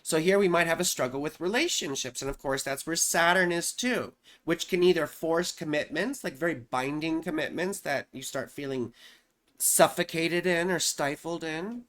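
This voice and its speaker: A woman's voice: low-pitched, moderate pace. A woman astrologer explaining horoscopes in a loose, chatty way, often saying "you know" and "right?".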